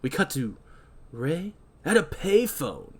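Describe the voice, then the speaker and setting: Casual recap host, chatty and animated. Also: medium pitch, slow pace, breathy edge. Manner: chatty, filler-heavy, laughing. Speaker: podcast host.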